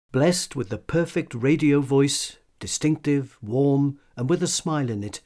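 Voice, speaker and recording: A male radio presenter reading a scripted, fond tribute in a measured, even delivery. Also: a little high.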